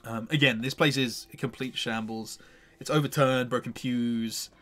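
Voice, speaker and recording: Guy game master, bright voice, lots of ums and restarts. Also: medium pitch, fairly even intonation, normal speed. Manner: rambling, hesitant narration with many fillers. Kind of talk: narrating a tabletop game.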